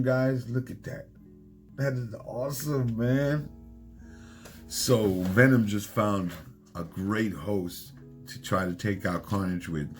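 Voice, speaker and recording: A man casually recapping a comic issue, excitedly retelling scenes and quoting the characters' lines. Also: fairly low pitch. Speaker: comic book reviewer.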